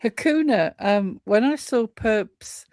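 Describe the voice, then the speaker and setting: A woman's voice: a little high, lively intonation, slow, darkish tone, dry recording. Woman, live-stream co-host, chatty and indignant, dry close mic. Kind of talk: casual live-stream chat.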